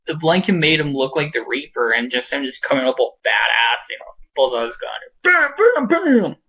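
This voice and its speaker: A man casually recapping a TV episode at home, excitable and swearing, rambling with lots of fillers. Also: mid-range voice, dull audio. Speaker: show reviewer. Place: home with a pet cat.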